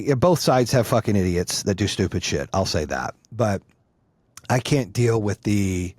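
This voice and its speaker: Middle-aged guy on a podcast, low-ish voice, blunt and heated, swears a lot, dry close sound. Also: animated, moderate pace, darkish tone, breathy edge, dry recording. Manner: emphatic, repeats points for force. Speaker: podcast guest. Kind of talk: casual conversation.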